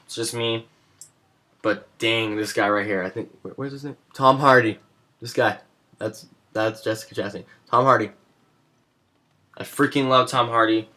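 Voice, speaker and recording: A man's voice: medium pitch, sharp tone. A young man in a casual vlog, talking with rambling enthusiasm about his favorites. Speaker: movie vlogger. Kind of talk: casual chat.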